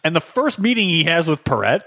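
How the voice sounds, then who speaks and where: A man co-hosting a podcast, giving opinionated, animated takes on a film. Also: fairly high pitch, a little fast, creaky. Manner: animated, opinionated, laughs easily. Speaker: podcast co-host. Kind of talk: casual film discussion.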